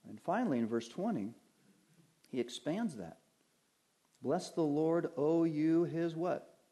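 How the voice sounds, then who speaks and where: A man preaching a sermon, reading Bible verses slowly and deliberately and putting questions to his listeners. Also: on the high side, expressive, mellow. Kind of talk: sermon teaching from Scripture.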